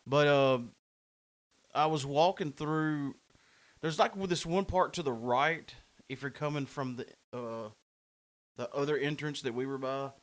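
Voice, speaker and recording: A man's voice: medium pitch, a little slow. A man hosting a podcast in casual chat, telling a story with laughs and self-mocking humor. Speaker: podcast host.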